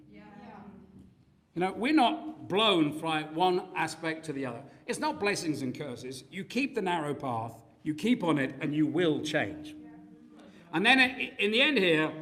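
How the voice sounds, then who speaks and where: A man preaching a sermon in a church, telling stories with acted-out quotes. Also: fairly high pitch. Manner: animated storytelling with acted quotes.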